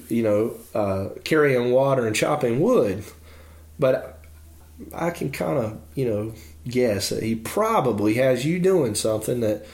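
A man's voice: medium pitch, darkish tone, echoey room. A man preaching a devotional sermon in an earnest, encouraging way.

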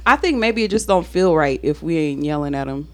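A woman's voice: deep voice, lively intonation, brisk, a little mellow. A woman, a mother, in a casual chat among friends, speaking in an emphatic, scolding way.

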